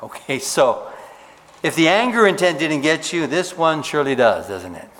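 A man preaching a sermon as pastor, stressing words and dropping to a hush on key points. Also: fairly high pitch, sing-song, a little fast, in a large hall, a little hiss or hum.

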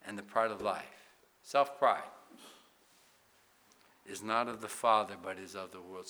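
A man preaching a sermon, asking the congregation many questions and swinging between loud emphasis and hushed passages. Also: lowish voice. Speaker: pastor.

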